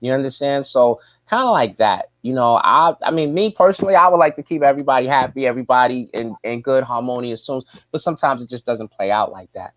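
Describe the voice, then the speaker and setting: A man's voice: medium pitch, fast talker, few pauses, fairly bright tone, no room sound, muffled recording. Laid-back male guest, rambling casual chat, dry close recording. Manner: laid-back, rambling, lots of "man" and "you know".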